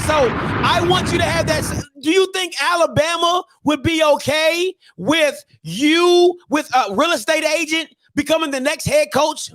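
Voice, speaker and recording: A man hosting a live sports talk show, ranting in an animated, slangy, mocking way. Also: very high-pitched, no echo. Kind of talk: live solo sports rant.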